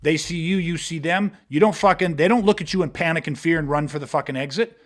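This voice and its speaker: Male instructor, higher pitch, blunt and profane, podcast chat. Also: fast talker. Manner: blunt, profane, emphatic, uses hypothetical street scenarios. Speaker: martial arts instructor. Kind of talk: podcast conversation.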